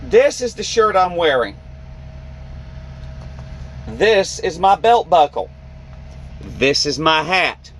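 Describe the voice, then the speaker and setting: A man's voice: fairly high pitch, takes it slowly, long pauses, a little hiss or hum. A man, a truck driver, telling a story in a vlog and acting out the people in it. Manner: animated storyteller, acts out quoted voices.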